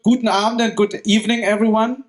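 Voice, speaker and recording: A man with a noticeable German accent welcomes a live audience to a book event. His voice sits a bit high for a man, and he jokes and restarts his sentences often. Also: fairly even intonation, soft background music. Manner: friendly, joking, halting with restarts. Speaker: event host. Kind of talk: live stage hosting.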